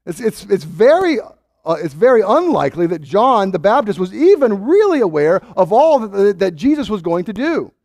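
A male pastor preaching a sermon, animated, often acting out the voices of doubters with repeated restarts. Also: sits high, moderate pace, vocal fry, dry recording, clean studio sound.

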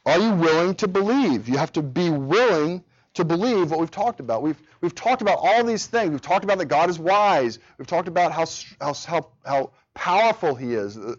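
A man in his thirties leading a church Bible study, earnest and repeating phrases for emphasis. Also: on the high side. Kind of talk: teaching a church study group. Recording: dull lo-fi recording.

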